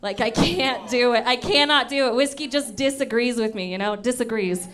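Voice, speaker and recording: A woman's voice: on the high side, moderate pace, a bit bright. A woman in her thirties doing a stand-up comedy set in a comedy club, telling self-mocking stories playfully into a handheld mic. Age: 30s.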